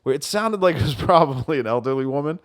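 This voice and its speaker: Man, podcast host, heavy swearing, expressive up-and-down voice, casual. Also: a little high, fast. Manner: profane, animated, self-mocking. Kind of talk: casual chat, storytelling.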